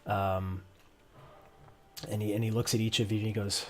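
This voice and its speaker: Low-voiced hesitant game master man. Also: flat delivery, normal speed, slight background noise. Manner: hesitant, many restarts and ums. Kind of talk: narrating a tabletop game.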